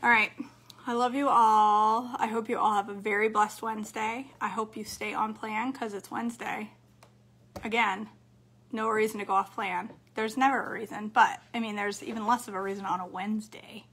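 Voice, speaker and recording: A woman's voice: mid-range voice, steady tone, moderate pace, a bit bright, husky. A woman chatting to her viewers while cooking and eating, answering their comments. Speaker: cooking vlogger. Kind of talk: casual cooking vlog chat.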